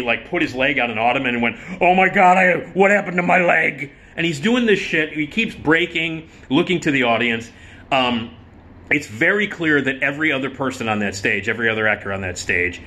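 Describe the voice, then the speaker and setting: A man's voice: medium pitch, bright, forceful tone. A man hosting his own channel, telling a story in a casual, emphatic, profane way. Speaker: storyteller host.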